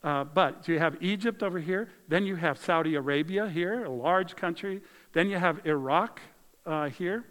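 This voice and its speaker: A man preaching a conversational, animated sermon as pastor, swinging between loud emphasis and quiet asides. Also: a little high, normal speed, long reverb tail, rough recording. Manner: animated, conversational preaching with dramatic shifts in volume.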